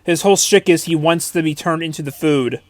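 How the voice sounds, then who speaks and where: A man's voice: a little high, a little fast, no room sound. A young man co-hosting a casual movie commentary, chatty and wry, giving opinions with small hesitations.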